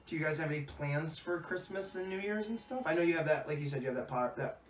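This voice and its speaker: A young man swaps stories on a podcast, swearing freely and laughing often. His voice sits a little high and comes from some way off the mic in an echoey room. Faint music plays underneath. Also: quick pace, recorded from a distance, a little hiss or hum. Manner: crude, laughing, animated storyteller. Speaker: podcast co-host. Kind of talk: casual chat, storytelling.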